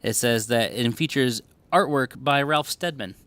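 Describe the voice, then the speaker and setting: A man's voice: mid-range voice, a little slow, a bit bright, no room sound. A young man co-hosting a casual podcast recorded in a record store, laid-back, swearing freely and often laughing. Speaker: podcast co-host. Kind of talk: casual chat.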